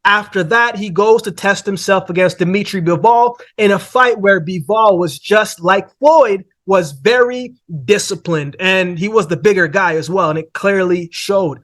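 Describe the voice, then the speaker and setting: Male host with a higher voice, relaxed boxing commentary, chatty with frequent asides. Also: moderate pace, few pauses. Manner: conversational, says "man" and "right?" often. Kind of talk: casual boxing breakdown.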